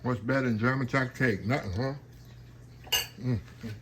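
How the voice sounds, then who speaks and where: A man with a Southern accent talks casually through a cooking vlog in his home kitchen, folksy and chatty, often saying "y'all" to viewers. His medium-pitched voice runs a little fast, and there's background noise.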